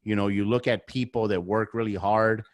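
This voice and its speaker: A man's voice: fairly low pitch, fairly even intonation, normal speed, no echo. Blunt, swearing man on a podcast. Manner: blunt, heavy swearing, repetitive emphatic phrasing. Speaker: podcast guest, real estate investor. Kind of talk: casual podcast conversation.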